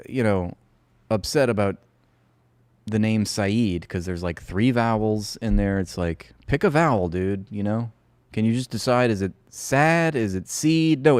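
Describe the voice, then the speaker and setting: Male streamer, low-ish and dry, sarcastic and foul-mouthed live commentary. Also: a little mellow, no room sound. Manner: sarcastic, profane, rambling.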